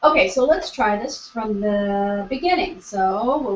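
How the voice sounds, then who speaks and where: A woman teaches a young student violin over a video call, singing out the bowing syllables with patience and encouragement. Her mid-range voice is expressive and a little slow, with few pauses. Violin music plays behind her, and the lo-fi recording sounds roomy and dull.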